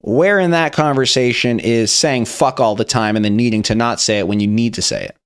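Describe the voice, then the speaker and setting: A man's voice: medium pitch, brisk, clear, resonant tone. A young man hosting a meme review, talking in a casual, rambling, profane way. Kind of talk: casual commentary.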